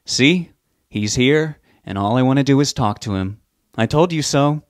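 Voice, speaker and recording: A man's voice: mid-range voice, expressive, moderate pace, dry recording, clean studio sound, pitched above the performer's own voice, lightly acted. A man doing a menacing, taunting drunk father. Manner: taunting, mocking, loud. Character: menacing drunk middle-aged father with a gun.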